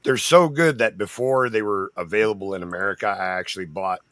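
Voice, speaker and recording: A man with a very low voice that still sounds bright and forceful, chatting eagerly on a live show. He laughs often, and the sound is dry and close. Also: brisk, no echo. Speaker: toy show panelist. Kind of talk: casual live chat.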